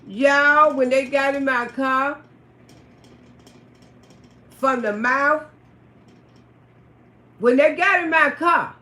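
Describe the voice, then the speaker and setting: A woman casually telling a story on a livestream, cursing freely, laughing often and bursting out loudly. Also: high voice, lively intonation, takes it slowly, long pauses. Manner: profane, laughs often, loud outbursts. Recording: roomy echo.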